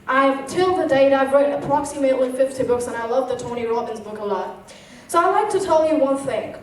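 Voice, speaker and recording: A woman's voice: high-pitched, lively intonation, a little fast, darkish tone, slight background noise. A teenage girl with an Indian English accent giving an earnest motivational speech to an audience, asking many rhetorical questions. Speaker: motivational speaker. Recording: echoey hall, voice from far off.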